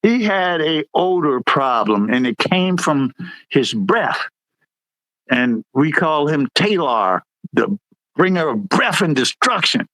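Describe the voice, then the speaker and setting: A middle-aged man, a military veteran, tells stories in a casual, animated way. His voice jumps high whenever he acts out what someone said. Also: takes it slowly, no echo, rough recording. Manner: animated, jumps high when acting out quotes. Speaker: veteran guest, former Air Force supervisor. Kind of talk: casual storytelling.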